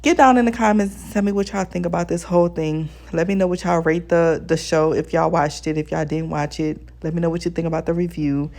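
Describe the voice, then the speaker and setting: A woman's voice: fairly low pitch, steady tone, fairly quick, few pauses, darkish tone. A woman giving blunt, exasperated casual commentary as a TV show reviewer, talking straight to her viewers. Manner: addresses viewers as besties.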